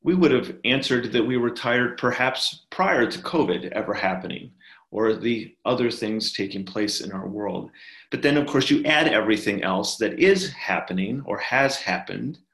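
A man giving a sermon as a pastor, talking in a slow, gentle, reflective way with many fillers and pauses. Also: lowish voice, animated, vocal fry. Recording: echoey room.

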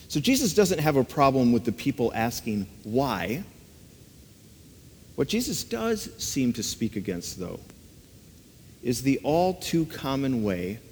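A man delivers a sermon at an ordinary pitch, earnest and conversational, often pausing on rhetorical questions. His voice rings with the long reverb of a large hall. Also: a little mellow, slight background noise. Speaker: preacher.

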